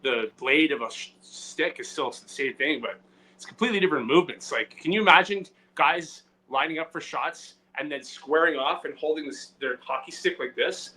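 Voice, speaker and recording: A man's voice: fairly high pitch, moderate pace, poor audio. A man co-hosting a comedy podcast in casual, rambling chat with many fillers. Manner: rambling, many fillers and restarts, loud swings. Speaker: podcast co-host.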